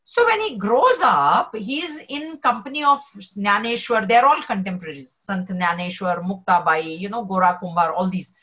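A woman, a spiritual teacher telling a devotional story in a lively way and acting out the characters' voices. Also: mid-range voice, normal speed, hardly any pauses, muffled recording.

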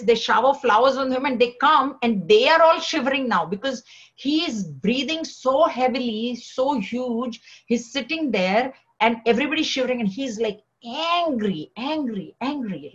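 A woman's voice: fairly high pitch, normal speed, breathy edge. A woman teaching, retelling and explaining a scripture story in a conversational way, often saying "you know", in a dull lo-fi recording. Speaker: spiritual teacher.

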